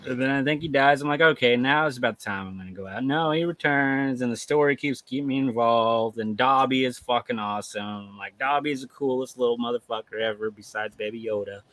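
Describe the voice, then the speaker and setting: A man in his thirties hosting a livestream, telling stories in casual chat with lots of swearing and animated energy. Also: mid-range voice, fairly quick, few pauses, no room sound. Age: 30s. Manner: profane, animated storytelling. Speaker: livestream host.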